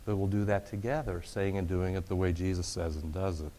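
A man's voice: deep voice, steady tone, fairly quick, warm tone, a little hiss or hum. Wry middle-aged man preaching in a hall. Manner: conversational and wry, with sarcastic asides. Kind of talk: lecture-style sermon. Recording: long reverb of a large hall.

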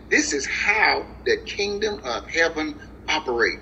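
A preacher delivering a sermon, drawing out scripture verses slowly and calling his listeners family and guys. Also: highs cut off, a little hiss or hum. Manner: animated, with swings of pitch and slow drawn-out scripture reading. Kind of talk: sermon, reading and explaining scripture.

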